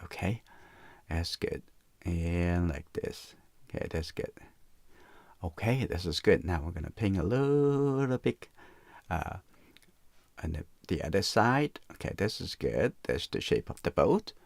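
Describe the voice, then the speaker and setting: A man with teaching watercolor in a relaxed live painting demonstration, softly talking through each step and often saying "okay, that's good.". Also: low-pitched, a little slow, gravelly, long pauses, no echo.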